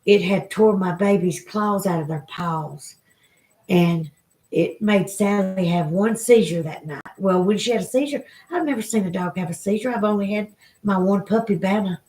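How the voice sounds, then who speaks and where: A woman's voice: medium pitch, moderate pace, a little mellow, rough recording. A woman with a Southern US accent chatting with viewers on a live stream, emotional and rambling. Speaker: vlogger. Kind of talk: casual live-stream chat.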